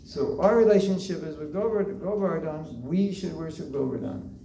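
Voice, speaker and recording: A man voicing a calm, gentle young male deity who gives slow, earnest counsel, as part of a devotional lecture. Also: a little high, creaky, a little hiss or hum. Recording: echoey hall, voice from far off.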